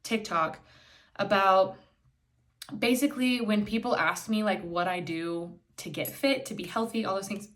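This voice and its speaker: A woman's voice: mid-range voice, unhurried, a bit bright. Blunt, swearing young woman podcaster. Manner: blunt, casual, swears freely, acts out quoted voices. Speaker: podcast host. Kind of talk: candid solo podcast talk. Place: indoors, filming herself on camera.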